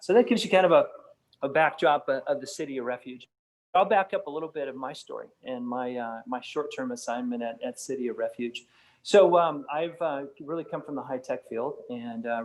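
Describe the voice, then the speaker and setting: A man's voice: medium pitch, a little mellow, rough recording. A middle-aged man giving a casual, conversational talk to a church fellowship group, with many fillers and restarts. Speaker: guest speaker from a nonprofit campus.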